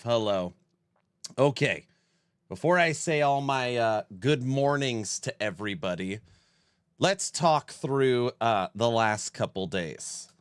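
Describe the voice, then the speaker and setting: A man's voice: medium pitch, a bit bright, clear, resonant tone, dry recording, clean studio sound. A man in his forties hosting a casual livestream and reading chat aloud. He sounds stuffed up and worn out and talks in a rambling, self-mocking way. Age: 40s. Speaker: streamer host.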